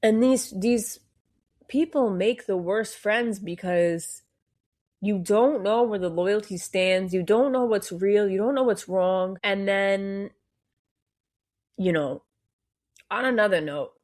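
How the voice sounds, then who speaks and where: A woman's voice: medium pitch, slow pace, pauses often, darkish tone. A young woman with a New Jersey accent hosting a solo podcast, ranting bluntly and swearing constantly, hot and cranky. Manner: blunt and profane, heavy swearing. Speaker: podcast host. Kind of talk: casual solo podcast rant.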